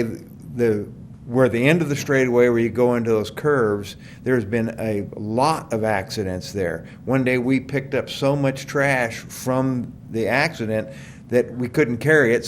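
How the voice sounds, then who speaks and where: A man's voice: mid-range voice, slight background noise. An older man, a great-grandparent, speaking plainly and rambling a bit during public comment at a council meeting.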